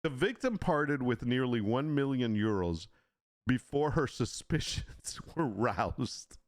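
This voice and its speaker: A man's voice: medium pitch, expressive, takes it slowly, no room sound, clean studio sound. A man hosting a casual livestream, laughing often and reacting in disbelief as he reads. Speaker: livestream host.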